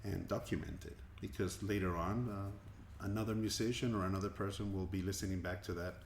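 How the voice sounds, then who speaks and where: Brief: male musician from Colombia, interview guest, very low voice, earnest and reflective, roomy recording. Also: steady tone, brisk. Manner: thoughtful, earnest, repeats words as he goes. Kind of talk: interview answers. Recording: echoey room with faint ambient noise.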